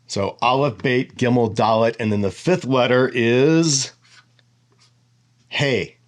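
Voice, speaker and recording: A man's voice: medium pitch, slow. A man giving a casual whiteboard lesson as a Bible teacher, explaining step by step and thinking aloud with asides.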